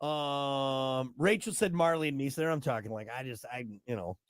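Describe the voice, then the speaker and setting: A man hosting a casual podcast chat. He is animated, laughs often and trails off mid-sentence. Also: medium pitch, normal speed, smooth, dry recording, clean studio sound. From grew up on a farm. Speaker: show host.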